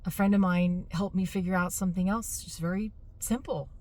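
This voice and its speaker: A woman's voice: lowish voice, steady tone, fairly quick, a little mellow. A middle-aged woman chatting casually to camera in a vlog, exasperated and laughing at herself. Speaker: fitness business owner.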